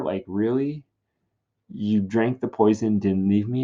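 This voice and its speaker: Chatty sarcastic guy teacher explaining a play, low-ish voice, muffled recording. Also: slow, mellow. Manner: casual and wry, with many asides. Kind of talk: recorded literature lesson.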